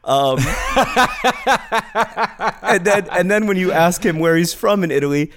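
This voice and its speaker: A man's voice: high-pitched, unhurried, long pauses. A man co-hosting a casual podcast, speaking wryly with dry humor and steering the conversation. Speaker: podcast co-host.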